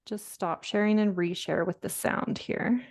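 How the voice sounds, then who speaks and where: A woman's voice: medium pitch, fairly even intonation, unhurried, darkish tone. A woman presenting a nature lesson to children over a video call, upbeat and encouraging, with laughs and fillers.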